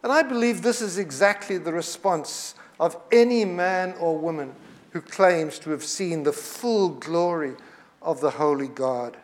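A man delivers a sermon in an earnest, emphatic way. His voice sits high for a man. He slows right down when he quotes scripture, leaning on each word. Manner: earnest, emphatic repetition with slowed quotations. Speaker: preacher.

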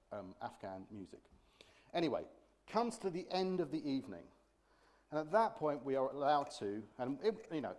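A middle-aged man preaching a sermon, telling humorous stories in an animated way and acting out other people's voices. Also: medium pitch. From Britain. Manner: animated storytelling, acts out voices, laughs often.

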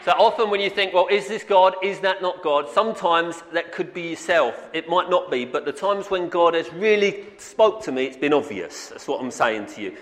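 A man's voice: on the high side, animated, moderate pace, few pauses, fairly bright tone. A man preaching a sermon, earnest and repetitive, often calling out "amen". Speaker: pastor. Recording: long reverb in a hall.

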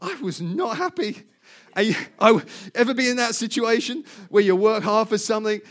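A middle-aged man preaching, telling a personal story in an animated way, laughing often and repeating words. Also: high voice, normal speed.

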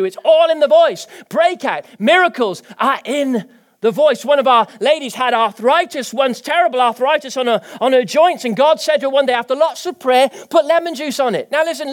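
High-pitched, animated preacher. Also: male voice, normal speed. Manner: animated, rising to emphatic declarations. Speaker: pastor. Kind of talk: sermon.

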